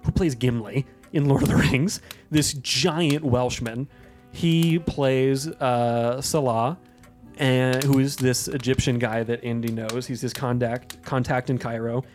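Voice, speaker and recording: An American man in easy podcast banter, drifting from tangent to tangent with dry, deadpan jokes. His pitch sits in a middle range, and faint music plays underneath. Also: measured pace. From United States. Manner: joking, rambling, deadpan asides. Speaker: podcast co-host. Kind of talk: casual chat about movies.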